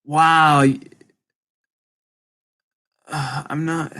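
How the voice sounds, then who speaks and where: A man with a speech impediment chatting casually and rambling to viewers, halting and apologetic, often restarting his words. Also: on the high side, little pitch movement, pushed and bright. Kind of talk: casual rambling livestream chat.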